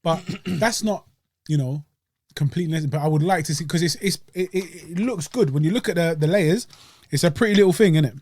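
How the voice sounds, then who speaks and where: A young man chats easily about a dessert, full of slang and asides. His voice sits a touch high for a man and sounds dry and close-miked. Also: brisk, a little mellow, no echo. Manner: laid-back, slangy and chatty, eating while talking. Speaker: podcast host reviewing desserts. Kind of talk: casual chat.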